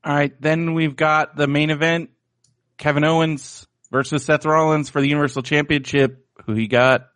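A man's voice: a little high, level tone, normal speed, a bit bright, dry recording. A man co-hosting a wrestling podcast in casual chat, joking around and cursing freely. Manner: joking, loose and profane. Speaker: podcast co-host.

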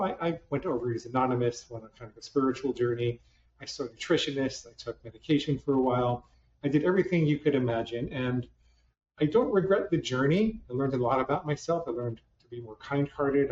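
A man's voice: medium pitch, a little mellow. Guy telling his story on stage, joking at himself, dull lo-fi sound with faint hum behind. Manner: conversational, self-deprecating humor with many restarts. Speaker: psychologist. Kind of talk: storytelling talk to a live audience. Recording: roomy, distant, dull lo-fi hall sound.

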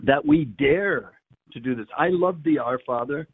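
A man, a priest, reflecting on the Mass in a halting way, often repeating words as he searches for them. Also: medium pitch, expressive, husky, dry recording. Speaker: priest guest. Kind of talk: reflective conversation on faith. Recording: dry tinny phone-like line.

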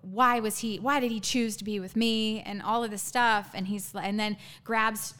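A woman guest in an interview telling her own story candidly, halting, with frequent ums and restarts. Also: mid-range voice, fairly even intonation, a bit bright.

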